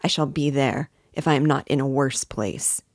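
A woman's voice: very deep voice, normal speed, darkish tone, dry recording, studio quality. A woman voicing a brooding, feverish young male student in a novel read aloud; he mutters and insists.

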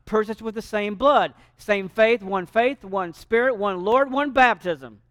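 A man preaching a sermon in a church sanctuary, animated and shifting loudness for emphasis. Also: high-pitched, measured pace, no echo, studio quality. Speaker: pastor.

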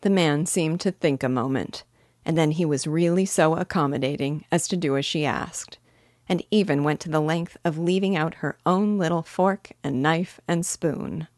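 A woman reading a children's story aloud in a gentle, measured way. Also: low voice, no room sound, clean studio sound. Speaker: storybook reader.

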